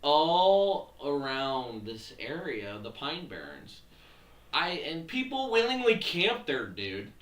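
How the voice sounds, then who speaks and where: Podcast host guy, casual chat, excitable storyteller, lots of "dude", bright voice in a roomy room. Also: on the high side, takes it slowly. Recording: roomy, mic at a distance, faint hiss.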